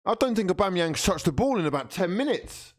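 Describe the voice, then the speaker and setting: As a fan streamer reacting live to a football match, a man gets frustrated, swears, and bursts into shouting at the players. His high voice is very animated and a little fast.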